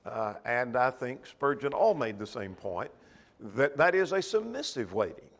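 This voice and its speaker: A man's voice: mid-range voice, sing-song, a little slow, vocal fry, big-room sound. A man teaching a church Bible class in a conversational way, asking the class questions as he goes.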